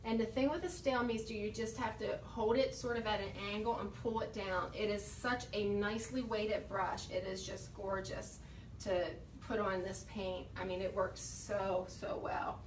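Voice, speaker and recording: Steady and medium-pitched at a moderate pace, a woman's voice carries slight background noise. She's a furniture refinisher giving a casual painting how-to, chatting with enthusiasm to viewers on her phone camera and a bit out of breath.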